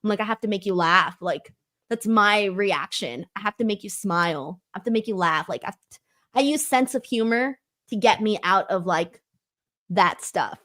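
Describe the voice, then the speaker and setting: A woman's voice: medium pitch, animated, normal speed, fairly bright tone. A young woman co-hosting a wrestling review livestream, laughing often and joking about herself as she reads viewer comments aloud. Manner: laughs often, jokey and self-deprecating. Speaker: co-host of a wrestling review show. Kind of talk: casual livestream chat, reading viewer comments.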